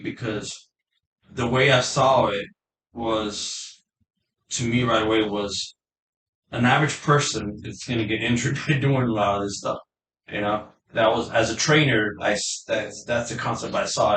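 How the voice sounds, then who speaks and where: A middle-aged man hosting a casual talk, speaking haltingly and repeating his words. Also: lowish voice, fairly bright tone, recorded from a distance. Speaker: podcast host and gym owner. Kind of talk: casual conversation. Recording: echoey room, away from the mic, faint noise.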